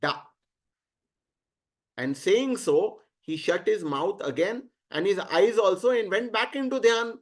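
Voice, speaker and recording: A man with an Indian accent teaching through an animated story, mixing English with Hindi and putting rhetorical questions to his listeners. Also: high voice, a little slow, hardly any pauses. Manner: switches freely between English and Hindi. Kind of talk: storytelling lecture.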